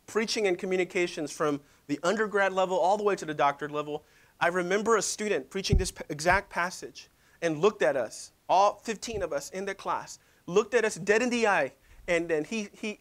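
A man's voice: sits high, fairly bright tone. A middle-aged male pastor preaching in a church, conversational and full of rhetorical questions to the audience. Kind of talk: sermon.

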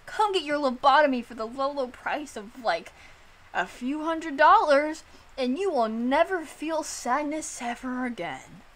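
A woman voicing a cheerful old-time male ad announcer pitching a cheap surgery in a salesy tone. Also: expressive, measured pace, a bit bright.

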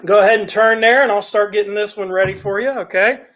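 High, bright-voiced folksy preacher man. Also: steady tone, fast talker. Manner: folksy, storytelling with frequent "right?" and "okay?". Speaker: pastor. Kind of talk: sermon. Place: church sanctuary.

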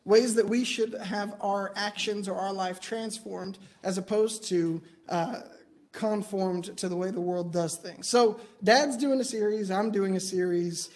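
A man's voice: sits high, fairly even intonation, a little slow, darkish tone. A man preaching in church, telling personal stories with light humor in a conversational way. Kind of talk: sermon. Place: church auditorium.

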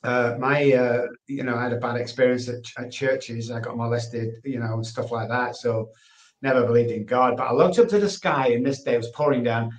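A man's voice: medium pitch, steady tone, fairly quick. Earnest man telling his story. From England. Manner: earnest storyteller, repeats himself for emphasis. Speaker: guest. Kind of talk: candid personal testimony. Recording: roomy, echoey sound.

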